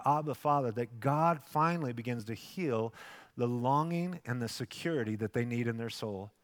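Animated preaching man in an echoing hall. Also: medium pitch. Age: 50s. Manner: animated preaching with acted asides, swings from loud to hushed. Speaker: pastor. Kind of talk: sermon. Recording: long hall reverb.

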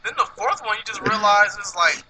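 A man co-hosting a casual movie podcast, animated and profane, laughing often as he talks. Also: high-pitched, fairly quick, crowd noise, rough recording. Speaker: podcast co-host.

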